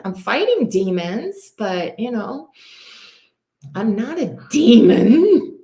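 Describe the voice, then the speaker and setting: A woman's voice: fairly low pitch, creaky, darkish tone. A woman talking bluntly and casually as a podcast co-host, swearing often and rambling with lots of fillers. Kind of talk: candid casual conversation. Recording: roomy echo.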